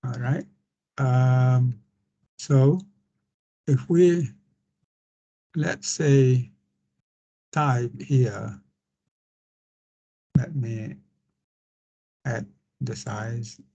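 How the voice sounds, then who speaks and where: A man with an Indonesian accent giving a screen-share lecture on translation, halting and full of fillers and restarts. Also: mid-range voice, warm tone, lo-fi sound.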